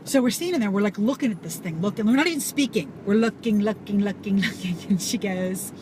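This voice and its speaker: A woman telling a story to camera in an animated, casual way, swearing and full of fillers. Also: mid-range voice, fairly quick. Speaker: vlogger. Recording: audible background noise.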